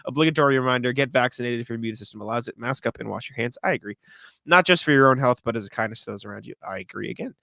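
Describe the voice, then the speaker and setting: A young man co-hosting a sports podcast, reading listener letters in a rapid, chatty way with frequent laughs. His voice is bright and forward, recorded close and dry with no room sound. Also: mid-range voice, vocal fry, no room sound. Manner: quick, chatty, laughs often between remarks. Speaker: podcast co-host. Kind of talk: casual sports podcast chat, reading listener mail aloud.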